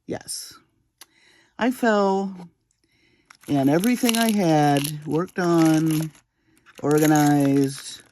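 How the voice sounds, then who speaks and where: Slow-talking woman, laughing through a story. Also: low voice, warm tone, a little hiss or hum. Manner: chatty, self-deprecating, often breaks into laughter. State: awake at three in the morning. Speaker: jewelry-making channel host. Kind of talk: casual vlog storytelling. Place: home bead room and office.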